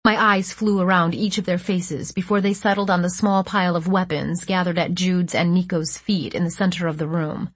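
Woman, audiobook narrator, tense, first-person, husky, dry close sound. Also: lowish voice, fairly even intonation, normal speed, few pauses, dry recording.

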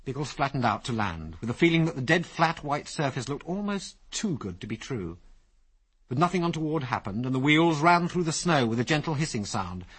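A man narrating an adventure story as an audiobook, with lively, expressive storytelling. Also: mid-range voice, brisk, breathy edge.

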